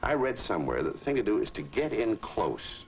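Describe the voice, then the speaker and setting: Man, New England accent, wry, self-deprecating, lively up-and-down delivery, 1950s TV chat. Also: lowish voice, brisk, dull audio, a little hiss or hum. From South Africa. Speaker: guest on a boxing telecast.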